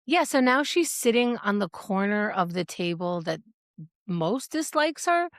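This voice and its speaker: Woman podcast co-host, mid-pitched, animated and self-mocking, dry close mic. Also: a little slow, no echo. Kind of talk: casual chat.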